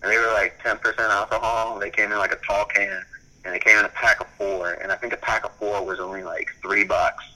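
A man's voice: lowish voice, flat delivery, fairly quick, bright, forceful tone, poor audio. A young man in casual chat, rambling through stories with lots of "like" and frequent laughs. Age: young adult.

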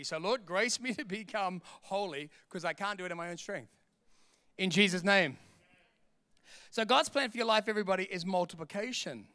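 A man preaching a sermon in an animated way, acting out voices and laughing often. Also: high-pitched, clean tone, no echo, studio quality. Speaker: pastor.

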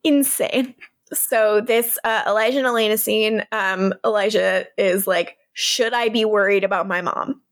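A young woman co-hosting a podcast, recapping a show in casual chat, animated and laughing as she quotes characters. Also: medium pitch, a little slow, no room sound, studio quality. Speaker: podcast co-host.

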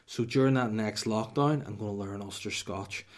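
A man's voice: on the low side, normal speed. A married Northern Irish man hosting a podcast, chatting casually through listener questions with crude, mock-boastful rambling. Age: adult, married. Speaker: podcast host.

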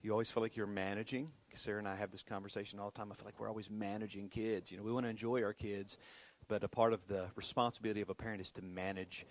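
A man's voice: lowish voice, little pitch movement, quick pace. A middle-aged man preaching as a pastor, talking casually with many restarts and self-deprecating asides. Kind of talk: sermon. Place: church sanctuary.

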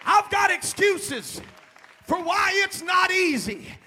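Male pastor preaching; folksy, builds to shouting; bright, tense tone, unhurried delivery. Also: very high-pitched, sing-song, some chatter behind, a little hiss or hum. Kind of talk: sermon.

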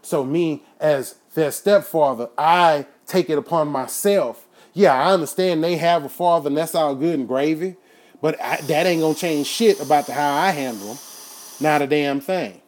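A man with a somewhat high voice hosts a rant-style talk show. He swears constantly and preaches at his listeners. He builds to outright shouting when worked up. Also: moderate pace. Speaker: podcast host. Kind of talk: profane ranting monologue.

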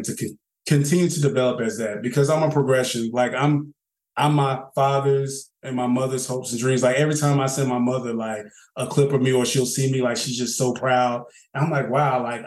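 A young man from North Carolina with a Southern accent, a podcast guest talking in a relaxed, rambling, slangy way. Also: mid-range voice. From Charlotte, North Carolina. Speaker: guest, background actor and photographer. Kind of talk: casual podcast interview. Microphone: phone call. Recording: roomy phone call.

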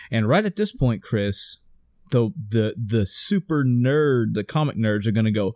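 A man in his thirties, excitably talking in a casual chat, swearing freely and acting out scenes. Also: medium pitch, normal speed, no echo, clean studio sound.

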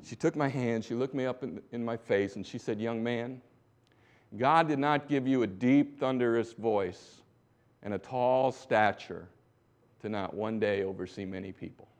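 A middle-aged man from the United States preaching a testimony sermon as a missionary preacher. He exhorts the congregation, swinging between hushed asides and loud bursts. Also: mid-range voice, unhurried.

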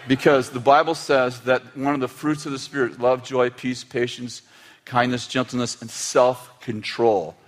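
A man's voice: medium pitch, little pitch movement, unhurried. Storytelling middle-aged male pastor. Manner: storytelling with acted family quotes and humor. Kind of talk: sermon.

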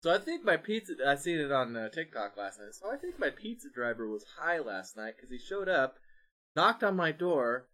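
A man's voice: a little high, normal speed. A young man co-hosting a podcast, chatting casually and acting out the people in his stories. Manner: animated storyteller, acts out voices in anecdotes. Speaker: podcast co-host. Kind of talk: casual chat.

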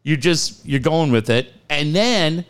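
Taking it slowly in a smooth, fairly high voice, this man hosts a relaxed radio chat. He's an animated storyteller who curses without restraint and performs the quoted lines himself.

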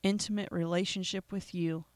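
A podcast host making an emotional, earnest gospel appeal in a preacherly way, with pauses and repetition. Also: medium pitch, level tone, no echo.

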